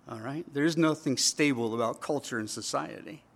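A man's voice: medium pitch, normal speed, gravelly. A middle-aged man, preaching a sermon in a conversational way and slipping into quoted voices. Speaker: pastor.

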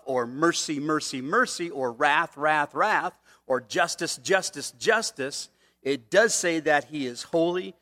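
A man's voice: a little high, pushed and bright. Conversational male preacher. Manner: conversational preaching with frequent "okay?" asides. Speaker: pastor. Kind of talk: sermon.

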